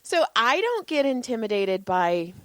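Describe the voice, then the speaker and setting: A woman co-hosting a podcast who tells stories in a casual, animated way, laughing often and swearing freely. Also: fairly high pitch, measured pace. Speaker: podcast co-host. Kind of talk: casual chat.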